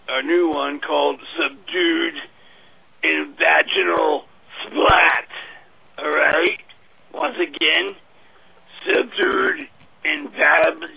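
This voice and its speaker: A man voicing a menacing male death metal band member in a drawling, threatening, profane prank voicemail with a gravelly rasp. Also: a little high, bright, forceful tone, no room sound, heavily acted, rough recording.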